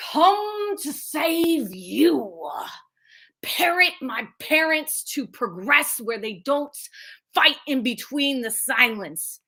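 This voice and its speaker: A woman slam poet performing spoken word in a measured, intense, lyrical way over a video call. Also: sits high, pushed and bright.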